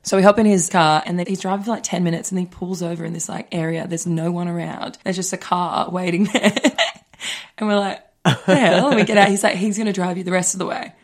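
A woman, co-hosting a podcast and telling a travel story in a casual, animated way. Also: on the low side. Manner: fast, animated, laughing, swears freely. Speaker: podcast co-host.

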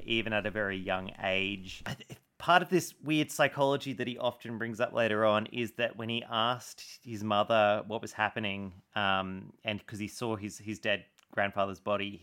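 A man's voice: lowish voice, sharp tone. Chatty man co-hosting a true-crime podcast. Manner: chatty, laughs often, many fillers. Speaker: podcast co-host. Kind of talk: casual true-crime chat.

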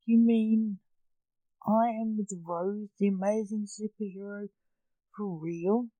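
A woman reading a storybook aloud, voicing a clumsy, eager, excitable man in a chicken costume. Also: mid-range voice, takes it slowly, no room sound, dull audio, lightly acted.

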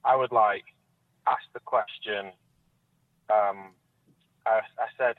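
A man's voice: fairly low pitch, slow, pauses often, dry recording. Man on a tinny call line. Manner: candid and searching, trails off mid-thought. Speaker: guest. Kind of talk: candid personal conversation. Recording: tinny dry phone-like line.

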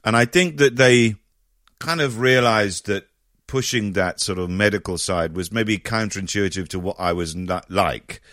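A man's voice: fairly low pitch, moderate pace, no room sound. Man, middle-aged guest, chatty, laughs a lot, dry close sound. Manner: animated storyteller, laughs often, restarts phrases. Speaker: interview guest. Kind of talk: casual conversational interview.

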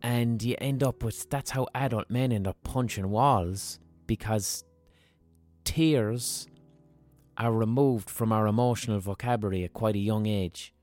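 A man's voice: on the low side, fairly even intonation, unhurried, a little mellow, soft background music. A man hosting a podcast, telling stories in a frank, rambling monologue with plenty of swearing and restarted sentences. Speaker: podcast host. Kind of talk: candid monologue.

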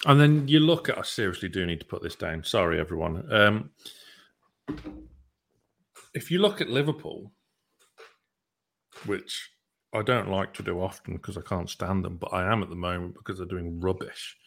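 Brief: young male football podcast host, playful, rambling, low-pitched. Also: moderate pace, gravelly, pauses often, fairly bright tone. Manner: chatty, hesitant with many ums, playful. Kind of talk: casual chat and interview hosting.

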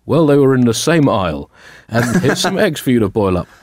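A man voicing a bumbling husband who gives daft excuses in a slow, deadpan, self-justifying way. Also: medium pitch, no echo, clean studio sound. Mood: defensive.

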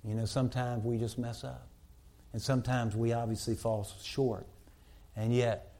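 A man preaching a sermon as pastor in a church, rising to loud emphatic peaks and dropping to hushed, tender lines. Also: medium pitch, little pitch movement, normal speed.

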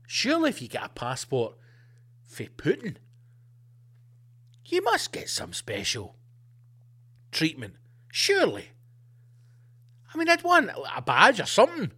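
A man's voice: sits high, huge pitch swings, a little slow, long pauses, bright, forceful tone, breathy edge. A man hosting a podcast, ranting in a sweary, sarcastic comic monologue and slipping into mock voices. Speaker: podcast host.

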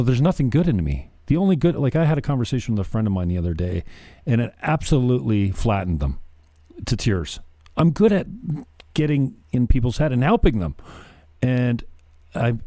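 A man's voice: medium pitch, warm tone, no echo. A middle-aged man hosting a casual podcast chat, earnest and prone to repeating his words as he restarts sentences. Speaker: podcast host.

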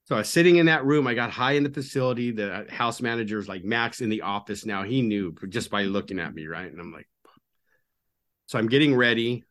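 A middle-aged man, a podcast guest and recovery coach, telling his story in an earnest, confiding way that often sinks to a low murmur. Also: expressive, a little fast, a bit bright. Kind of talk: candid storytelling interview.

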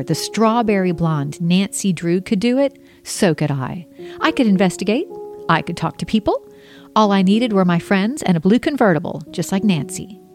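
A woman narrating her own memoir in an expressive storytelling voice. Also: fairly low pitch. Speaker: memoir author reading her book.

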